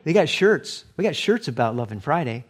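A middle-aged man preaching a sermon as pastor, animated, sometimes acting out short quoted exchanges. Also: fairly high pitch, a little fast, slightly rough.

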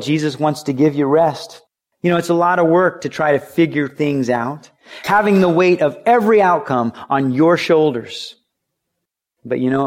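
A man's voice: mid-range voice, darkish tone. Man preaching in a conversational way. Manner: conversational preaching, acts out quoted voices, rises to urgent pleas. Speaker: pastor. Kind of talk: sermon.

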